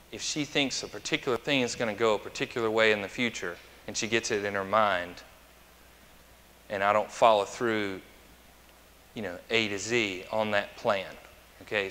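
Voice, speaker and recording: A male pastor gives a chatty, anecdotal sermon and puts questions to his congregation. His voice is fairly low yet crisp and forceful. It rings out with a long reverb in a church sanctuary. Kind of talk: conversational sermon.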